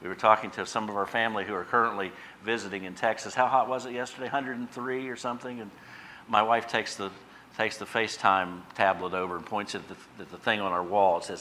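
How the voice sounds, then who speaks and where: A man preaching a sermon as pastor, swinging from quiet asides to loud emphatic bursts. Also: fairly low pitch, fairly quick, a little hiss or hum.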